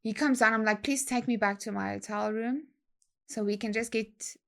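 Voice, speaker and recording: A young adult woman, telling a story in a slangy, animated way and acting out other people's lines. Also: on the high side, moderate pace, creaky. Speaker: guest DJ. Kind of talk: casual storytelling chat.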